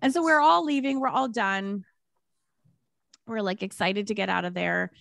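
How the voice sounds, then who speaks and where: A woman telling a story on a podcast in a casual, animated way, with lots of filler words and quoted voices acted out. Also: normal speed, vocal fry, no room sound. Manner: animated, acts out quoted voices high-pitched. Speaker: podcast guest.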